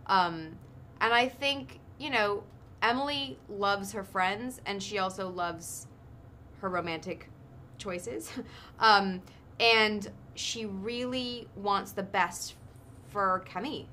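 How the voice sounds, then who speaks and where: Bright-voiced woman in her thirties. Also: fairly low pitch, a little hiss or hum. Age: 30s. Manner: thoughtful, chatty, with frequent um and like fillers. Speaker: actress guest. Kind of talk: casual interview chat.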